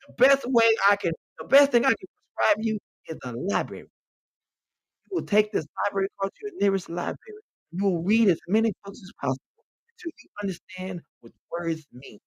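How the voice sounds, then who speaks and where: A man with a high-pitched speaking voice hosts a comedy segment, dishing out blunt, profane mock-medical diagnoses. His delivery is direct and unfiltered. He sounds close to the mic in a dry, dead space. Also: very animated, brisk, fairly bright tone, husky, no echo, rough recording. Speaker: podcast host. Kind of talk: comic advice bit reading messages aloud.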